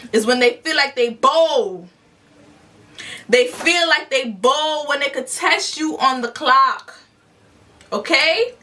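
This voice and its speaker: A woman's voice: sits high, recorded from a distance. Blunt, swearing woman telling a story. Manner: animated, profane and blunt. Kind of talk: storytime vlog. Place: parked car.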